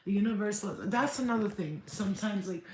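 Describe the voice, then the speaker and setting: A woman's voice: mid-range voice, brisk, reverberant, a little hiss or hum. A woman hosting a spiritual livestream, chatting candidly, swearing freely and answering viewer comments. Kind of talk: casual livestream chat.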